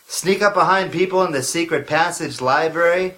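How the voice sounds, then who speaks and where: A man voicing a sarcastic, grumpy adventurer in a comedy audio drama, with a deadpan delivery. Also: fairly high pitch, normal speed, few pauses.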